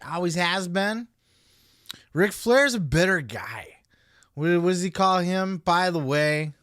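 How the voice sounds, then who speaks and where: A man's voice: high-pitched, sharp tone, dry recording, clean studio sound. A man hosting a podcast, giving blunt, profane, opinionated commentary into a podcast microphone. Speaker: podcast host.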